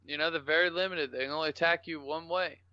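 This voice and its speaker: A man's voice: a little high, fairly even intonation, fast talker, bright, forceful tone. A man, a podcast guest telling rambling, salty, joking stories in casual talk. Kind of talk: casual storytelling interview. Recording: dull lo-fi podcast audio.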